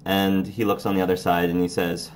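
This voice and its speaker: Halting low-voiced man running a tabletop game. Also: a little hiss or hum. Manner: relaxed, halting narration with many fillers. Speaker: game master.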